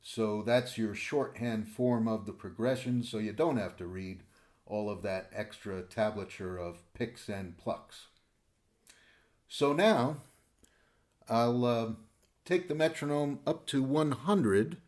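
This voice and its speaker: A man with a sick, rough voice calmly explaining banjo accompaniment patterns as a teacher. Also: mid-range voice, takes it slowly. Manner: calm, methodical explaining. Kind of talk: instructional talk.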